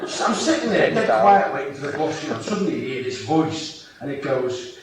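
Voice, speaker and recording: A man's voice: on the high side, expressive, fairly quick, very echoey. A man doing brash, absurd live stand-up comedy, mocking the crowd. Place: theatre stage with audience. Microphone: cassette recorder in the audience. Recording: distant, noisy 1991 cassette recording.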